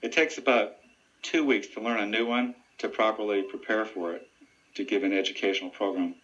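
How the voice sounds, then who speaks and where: A man who works as a deputy sheriff and ventriloquist, answering radio interview questions in an earnest, steady and informative way. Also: fairly low pitch, fairly quick. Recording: dull lo-fi radio audio.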